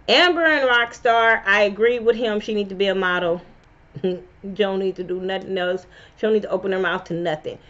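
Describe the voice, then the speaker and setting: A woman, reviewing reality TV in a blunt, profane, animated rant. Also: medium pitch. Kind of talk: casual opinion vlog. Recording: slightly dull lo-fi sound.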